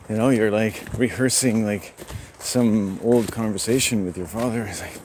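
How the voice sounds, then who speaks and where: A man rambling to himself in a solo vlog while out hiking, musing and swinging between quiet and loud. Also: fairly low pitch, moderate pace, slight background noise. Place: outdoors on a hiking trail.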